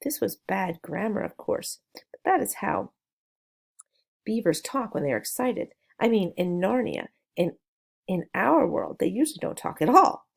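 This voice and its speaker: A woman reading a children's novel aloud, telling the story gently with small asides to the listener. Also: medium pitch, big pitch swings, measured pace, gravelly, slightly rough. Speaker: narrator.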